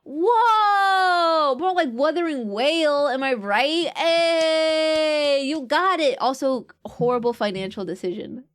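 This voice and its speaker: A woman's voice: sits high, animated, slow pace. A young woman streamer chatting casually and reading out viewer comments, playful and jokey and often laughing. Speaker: VTuber streamer.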